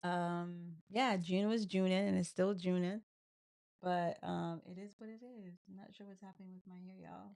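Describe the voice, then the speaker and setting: Woman, from New York, co-host, casual chat, gravelly, laughs easily. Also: fairly low pitch, fairly even intonation, moderate pace, a little mellow. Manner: chatty, laughing often.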